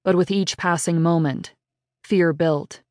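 A woman narrating an audiobook in a measured, unhurried read on a studio mic. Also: fairly low pitch, steady tone, darkish tone, dry recording. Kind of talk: scripted narration.

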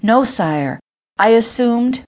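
A woman's voice: fairly high pitch, animated, takes it slowly, a little mellow, pitched above the performer's own voice. A woman playing a frightened old female orphanage keeper who stammers and pleads. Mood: timid pleading. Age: older.

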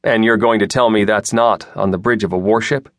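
A blunt, tense young starship captain, read by a male narrator who pushes back in clipped lines. The voice stays low, close to the reader's own. The recording is close and dry with no room sound. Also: steady tone, fairly quick, no echo, close to an everyday voice.

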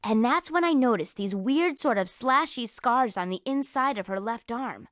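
A woman narrating a first-person audiobook in a lively, expressive storytelling manner, close to a studio mic. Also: fairly high pitch, moderate pace, no room sound.

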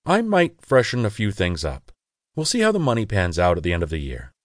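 A man's voice: lowish voice, wildly swooping pitch, fairly quick, no room sound. A man voicing a self-conscious young gay man who answers a friend in dry, defensive retorts. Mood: deflecting.

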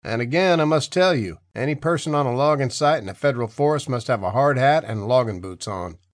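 A man voicing a calm, stubborn male logging contractor who talks dry and steady in an audiobook. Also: mid-range voice, brisk, no echo, natural voice.

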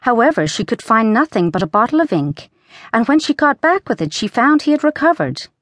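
A woman narrating a children's storybook audiobook in a lively, expressive reading. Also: a little high, a little fast, no room sound, clean studio sound.

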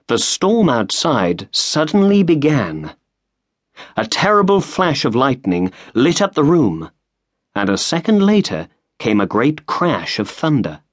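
Slow, expressive storybook narrator man. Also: mid-range voice, dry recording, studio quality. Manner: measured, expressive. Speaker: audiobook narrator.

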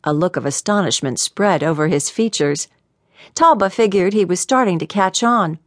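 A woman narrating a mystery audiobook in an expressive, animated way. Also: on the low side, normal speed, no echo, clean studio sound.

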